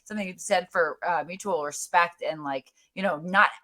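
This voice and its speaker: A woman's voice: lowish voice, fairly quick, a bit bright. A woman guest in a casual podcast chat, talking chattily with lots of fillers, likes and laughs. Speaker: guest musician.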